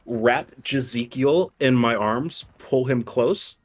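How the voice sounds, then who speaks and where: A man's voice: medium pitch, takes it slowly, slight background noise. A young man co-hosting a casual stream chat, rambling and laughing often, swearing freely as he tells a game story. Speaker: stream co-host.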